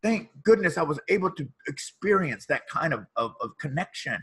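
Husky-voiced man telling a heartfelt story. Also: fairly high pitch, expressive, moderate pace, fairly bright tone. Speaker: guest, motivational speaker and author. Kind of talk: personal storytelling in an interview.

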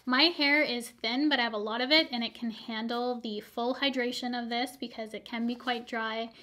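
A slightly hoarse woman with a voice pitched a bit high for a woman talks casually through her used-up beauty products. She is chatty and upbeat, drifting into little asides as she reviews each one. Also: steady tone, normal speed, pushed and bright. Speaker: beauty vlogger.

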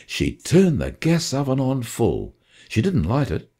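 A man presenting on radio and reading a short story aloud in an expressive storytelling manner. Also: mid-range voice, measured pace, husky.

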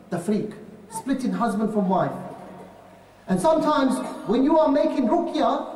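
A man's voice: high-pitched, darkish tone, a little hiss or hum. A male preacher giving an emphatic lecture, asking rhetorical questions and often calling out to the brothers. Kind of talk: lecture on religion. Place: lecture hall. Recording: echoey hall, distant mic.

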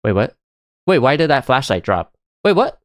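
A man giving excitable, chatty live commentary while playing a game, often breaking into laughter. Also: mid-range voice, moderate pace, no room sound, clean studio sound. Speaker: live streamer.

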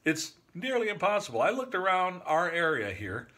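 A sixty-year-old man from northern Michigan rambles on to his camera, cracking jokes and chuckling at them. His voice sits a little high for a man, with a bright, forceful edge. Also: sing-song, normal speed. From northern Michigan, USA. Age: 60s. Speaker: vlogger. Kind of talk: casual monologue to camera.

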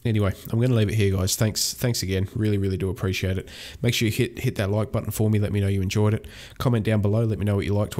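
Chatty low-voiced young man gaming. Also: a little mellow. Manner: rambling and chatty, with many fillers and restarts. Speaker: gaming channel host. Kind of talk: casual let's-play commentary.

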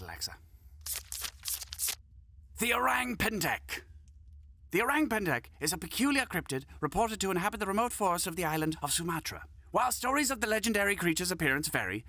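A man's voice: sits high, sharp tone, no room sound. A man narrating comedy sketches in a dry, mock-serious scripted style.

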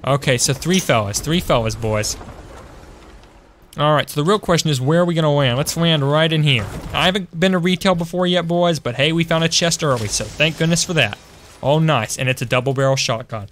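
A gaming streamer with a slightly high, bit bright voice talks a little fast over a little hiss or hum. At home, the young man casually commentates his game, addressing his viewers as "boys" and answering chat.

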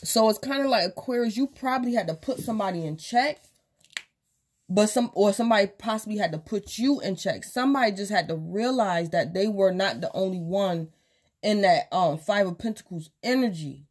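A woman's voice: medium pitch, normal speed, darkish tone. Woman doing a chatty tarot reading, talking to the viewer, acting out little quotes. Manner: speaks directly to the viewer, acts out imagined quotes. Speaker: tarot reader.

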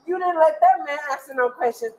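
A high-pitched woman argues with police officers outdoors on school grounds. She is agitated and insistent, repeating her questions and refusals again and again. Faint background noise sits under her voice. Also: fairly quick, a little mellow, low-quality recording. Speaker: mother arguing with police. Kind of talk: heated confrontation.

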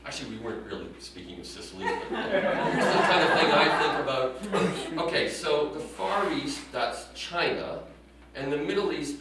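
A man performing a stand-up comedy set in a prim, self-mocking deadpan style, heard from a distance in an echoey room with audience laughter behind him. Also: fairly high pitch. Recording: echoey room recorded from afar with audience noise.

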